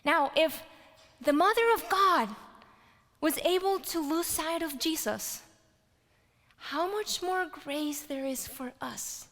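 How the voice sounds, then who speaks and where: A woman delivers a sermon in a bright, high voice, telling stories with lively energy. She climbs to loud exclamations and drops to hushed whispers. Her words ring out with a long reverb, as in a large hall. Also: slow pace, pauses often. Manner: animated storytelling, rising to loud exclaims and dropping to whispers. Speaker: preacher.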